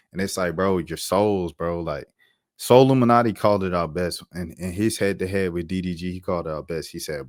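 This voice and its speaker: A man's voice: low-pitched, brisk, no room sound, clean studio sound. A young man giving casual commentary on his channel, slangy, emphatic and repetitive. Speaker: YouTube commentator.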